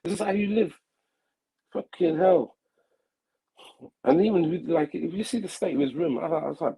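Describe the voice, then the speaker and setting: A man's voice: fairly high pitch, moderate pace, gravelly, long pauses, mellow, husky, no room sound, low-quality recording. A middle-aged man hosting a live stream, chatting casually, swearing and joking. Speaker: livestream host.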